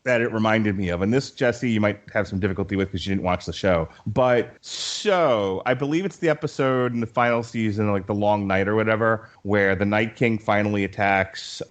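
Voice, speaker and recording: A man's voice: on the low side, normal speed, hardly any pauses. A man hosting a podcast in casual chat, enthusiastic, laughing often and swearing casually. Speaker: podcast host.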